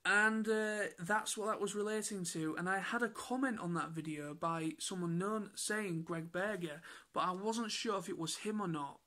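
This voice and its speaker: A man with an excitable, rambling way of telling stories in a casual vlog recap. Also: high voice. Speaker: YouTuber.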